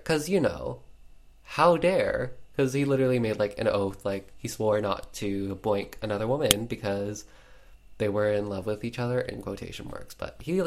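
A man's voice: on the low side, a little mellow. A man casually retelling a film's plot, chatty and full of fillers, with playful sarcasm. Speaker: podcast host recapping a film. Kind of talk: casual chat.

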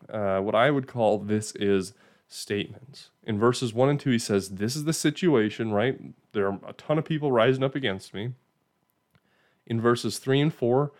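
A man with a medium-pitched, darkish voice gives an informal, conversational Bible teaching. He often checks in with "right?" and restarts his phrases.

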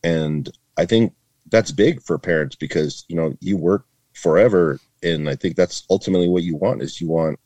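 A man's voice: low-pitched, darkish tone, no room sound. A man in his fifties from Northern California, a retired border agent, telling stories to a podcast host in a chatty way, full of "like" and "man", acting out the voices of people he quotes. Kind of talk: casual interview storytelling.

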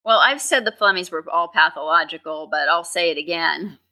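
Woman co-hosting a true crime podcast, bright voice, dry little jokes. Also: lowish voice, a little fast. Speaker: podcast co-host.

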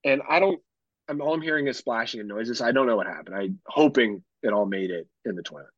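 A man's voice: medium pitch, quick pace, dry recording, muffled recording. A man in his thirties, a podcast co-host, telling a long story in casual profane chat full of fillers. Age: 30s.

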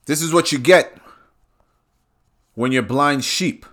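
A man's voice: a little high, slow, a bit bright. Angry, profane man ranting. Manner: heated, profane and repetitive. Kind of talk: ranting monologue.

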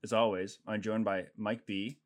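A podcast host with a Boston accent talks in a relaxed, joking way. His voice sits low. He swears lightly as he banters with his co-hosts. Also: moderate pace. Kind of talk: casual chat.

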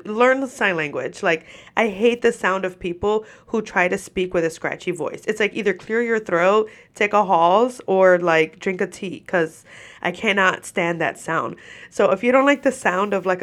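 A congested, stuffy-nosed woman who is short of breath, hosting a podcast as a casual rant, swearing freely and laughing as she talks into a microphone. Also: mid-range voice. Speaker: podcast host. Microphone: microphone while seated.

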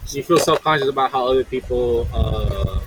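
A man's voice: mid-range voice, moderate pace, poor audio. Man, podcast co-host, laid-back casual chat, follow-up questions, faint background noise.

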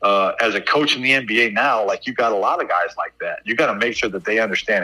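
A man's voice: fairly low pitch, fast talker, hardly any pauses, husky, rough recording. A man in his fifties, a basketball coach telling stories in a casual interview, full of fillers like "like" and "right?". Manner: animated storyteller, many "like" and "right?" fillers. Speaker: basketball assistant coach, guest.

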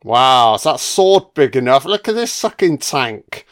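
A man's voice: mid-range voice, very animated, a little slow, few pauses. A man giving casual, sardonic film commentary full of swearing and jokey asides.

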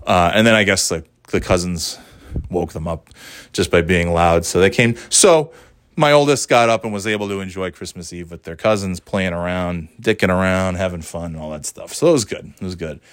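Middle-aged man, low voice, rambling family story, chatty with laughs, dry close sound. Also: brisk, clean tone, no room sound. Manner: rambling, chatty, laughs often, acts out quotes. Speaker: parent telling a family story. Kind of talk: casual storytelling vlog. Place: warm indoor room.

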